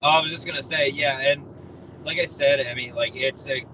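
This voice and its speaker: A man's voice: mid-range voice, steady tone, brisk, pushed and bright, distant mic, a little hiss or hum, low-quality recording. A man chiming in with laid-back agreement.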